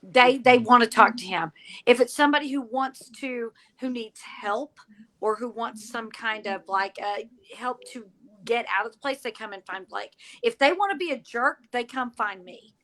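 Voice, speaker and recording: A woman's voice: a little high, normal speed, bright, forceful tone. A woman, a paranormal investigator, chatting playfully in a casual podcast conversation.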